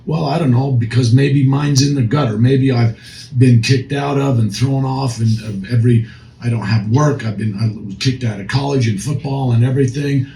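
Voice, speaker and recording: A man's voice: medium pitch, moderate pace, warm tone. A man co-hosting a recovery podcast as a counselor, speaking earnestly and emphatically with frequent restarts. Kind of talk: casual discussion. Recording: echoey room, faint noise.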